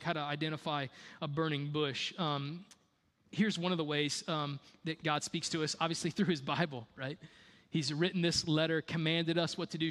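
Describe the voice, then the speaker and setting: A male pastor delivering a sermon in a casual, conversational way. His voice sits fairly high for a man, and he leans on repetition and pointed rhetorical questions to drive each point home. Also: fairly bright tone, in a large hall. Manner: conversational, repeats key phrases, rhetorical questions.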